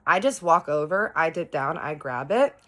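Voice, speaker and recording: A woman's voice: low voice, lively intonation, moderate pace, a bit bright. A woman chatting directly to her viewers as she tells a personal story in a storytime vlog. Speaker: storytime host.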